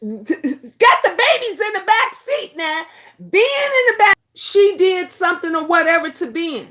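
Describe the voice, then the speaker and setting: Middle-aged woman host, high pitched, blunt, animated talker. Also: unhurried. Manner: blunt, animated storytelling with profanity; reads viewer comments aloud. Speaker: talk show host. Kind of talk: casual livestream chat.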